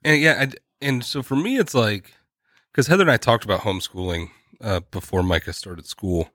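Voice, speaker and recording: A low-pitched man co-hosting a podcast in loose, casual chat. He trips over his words, restarts sentences and slips in small laughs as he goes. The close mic sounds dry, with no room around it. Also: a bit bright, dry recording. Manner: halting, restarts often, laughs mid-sentence. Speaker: podcast co-host.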